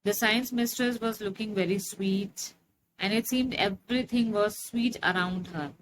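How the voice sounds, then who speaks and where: A woman teacher, reading a story aloud and explaining it in a slow, explanatory way with many fillers. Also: mid-range voice, noisy background. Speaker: English teacher.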